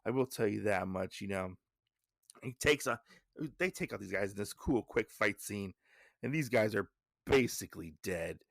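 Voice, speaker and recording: A man's voice: fairly low pitch, animated, moderate pace, vocal fry, a bit bright, dry recording, clean studio sound. A man hosting a podcast who recaps a comic in a casual, rambling way, with lots of restarts and "you know", lifting his voice when he paraphrases characters. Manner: paraphrases characters' lines in a lifted voice. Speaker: podcast host.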